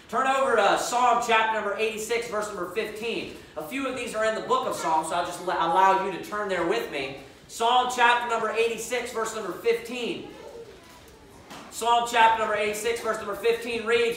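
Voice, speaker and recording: A man preaches in a sharp, bright voice, hammering home each point and slowing for scripture. His voice carries through a big reverberant church from some distance away, with a faint background hum. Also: high-pitched, animated. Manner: emphatic, repeats points and verse references; reads scripture aloud slowly. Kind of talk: sermon. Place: church sanctuary. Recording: echoey church room, mic at a distance.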